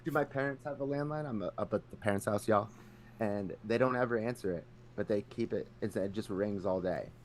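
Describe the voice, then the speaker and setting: A man co-hosting a podcast, telling stories in a relaxed, unhurried way. He laughs a lot and slips into other voices when he quotes people. His voice sits a little low, with faint noise underneath. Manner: laid-back storyteller, laughs often, slips into voices when quoting. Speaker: podcast co-host. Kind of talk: casual chat.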